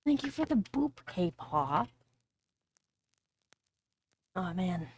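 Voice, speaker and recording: A woman's voice: on the low side, very animated, extremely slow, darkish tone, no room sound. A woman streamer reading a fairy tale aloud on a live stream, breaking off for crude, joking asides to her chat. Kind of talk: casual live-stream storytelling.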